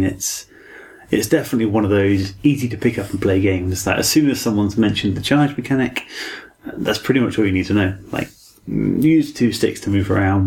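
A man's voice: fairly low pitch, creaky, a little mellow. A man co-hosting a casual game review chat, easygoing and thoughtful. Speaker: game podcast co-host.

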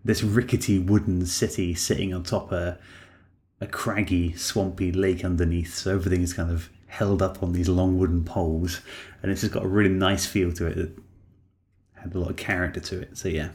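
Low-voiced man enthusing about a game. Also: flat delivery, normal speed, darkish tone. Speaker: podcast co-host. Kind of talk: casual game review chat.

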